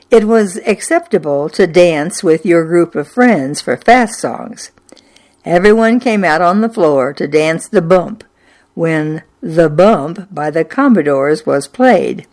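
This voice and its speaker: An older woman telling a personal childhood memory in an unhurried, wry and nostalgic way. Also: lowish voice, a little mellow. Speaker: storyteller. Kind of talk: personal memoir storytelling.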